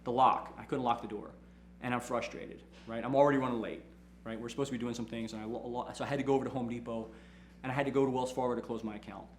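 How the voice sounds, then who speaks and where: A man, a lawyer, giving a casual motivational talk and telling animated stories, often checking in with "right?". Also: mid-range voice, very fast, reverberant, slight background noise. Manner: animated storytelling, repeats "right?", acts out quotes. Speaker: lawyer and firm owner hosting a talk.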